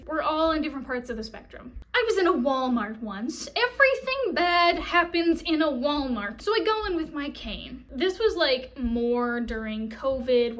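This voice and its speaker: A woman vlogger with a high-pitched voice, ranting casually to the camera. She talks bluntly and sarcastically and sounds fed up. Her delivery is direct and unfiltered. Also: a bit bright. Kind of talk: casual vlog rant.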